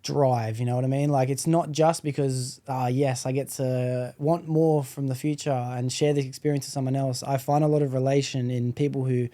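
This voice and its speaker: Mellow-voiced male podcast host. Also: mid-range voice, steady tone, moderate pace, hardly any pauses. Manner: candid, rambling, says "you know" often. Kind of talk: casual podcast conversation.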